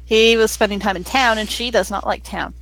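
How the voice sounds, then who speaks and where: A young adult woman playing a tabletop game, telling her character's story in a chatty, animated way. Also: mid-range voice, fairly quick, rough recording. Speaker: player.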